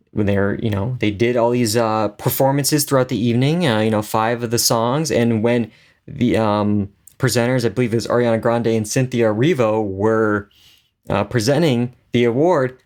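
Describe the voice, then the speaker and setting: Rambling man co-hosting a podcast. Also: mid-range voice. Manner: animated, exasperated retelling with many fillers. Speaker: podcast co-host. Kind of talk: casual chat.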